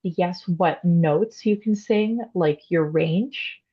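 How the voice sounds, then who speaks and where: Her voice fairly low and slightly rough, a young classically trained soprano takes her time explaining voice types in a casual interview. Fillers like "um" and "like" come up often. The audio is lo-fi.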